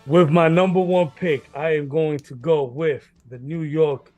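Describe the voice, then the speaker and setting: A man's voice: on the high side, steady tone, a little slow, mellow, dry recording, soft background music. A man hosting a casual sports betting chat, rambling, repeating himself, laughing and swearing often. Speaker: sports betting podcast host.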